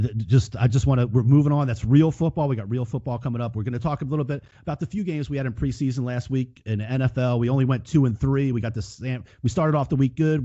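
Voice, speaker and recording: A man's voice: medium pitch, mellow, no echo. A man co-hosting a sports betting podcast, rambling and profane with many restarts. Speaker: podcast co-host. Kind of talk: casual sports betting chat. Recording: dull lo-fi podcast audio.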